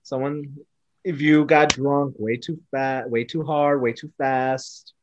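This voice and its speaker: A woman's voice: a bass voice, fairly even intonation, slow, highs cut off, background noise. A woman co-hosting a podcast in casual chat, blunt and swearing, laughing along with the guest. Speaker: podcast co-host.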